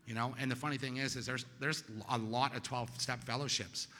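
A middle-aged man stands before a meeting and tells his own story of recovery, swinging between loud bursts and quiet, low moments. His voice is very bright and cutting, and it rings out with a long reverb tail, as if he is in a large hall. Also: fairly quick. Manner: animated storytelling with sudden loud peaks and quiet drops. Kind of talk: personal testimony to a meeting audience.

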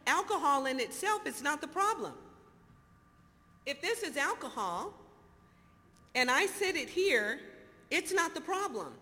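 A woman in her fifties telling her recovery story to an audience in an animated, storytelling way, acting out the dialogue. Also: sits high, measured pace, pauses often. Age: 50s. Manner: animated storyteller, acts out dialogue, laughs often. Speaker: speaker sharing recovery story. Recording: hall reverb, faint noise.

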